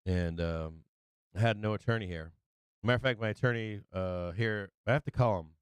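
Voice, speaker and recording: Low, smooth-voiced man telling profane stories. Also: moderate pace, no echo. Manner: loose and profane, with many restarts and laughs. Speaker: live stream host. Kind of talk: casual rambling storytelling.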